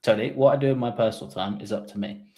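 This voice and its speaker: A man's voice: fairly low pitch, fast, a little mellow. A man appearing as a podcast guest, telling stories with self-deprecating jokes. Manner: self-deprecating, joking storyteller. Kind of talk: casual video-call chat.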